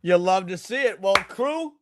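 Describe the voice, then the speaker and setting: A man's voice: high-pitched, expressive, moderate pace, very noisy. Joking man hosting a livestream. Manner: joking, steering the conversation. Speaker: host. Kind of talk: casual livestream chat.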